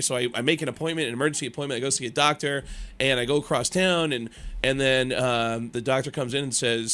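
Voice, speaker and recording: A man in his thirties telling a comic story as a radio guest, animated and stammering, acting out the other voices. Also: medium pitch, quick pace. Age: 30s. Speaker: comedian guest.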